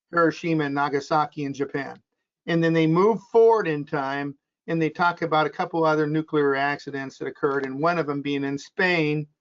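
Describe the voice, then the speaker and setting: Steady male interviewer, slightly high voice. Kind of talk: interview questions and summary. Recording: muffled, lo-fi recording.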